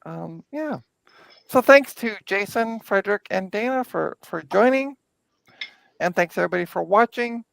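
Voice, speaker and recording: A woman's voice: mid-range voice, lively intonation, moderate pace, vocal fry, poor audio. A woman hosting a casual livestream, chatting with guests and laughing often. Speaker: host.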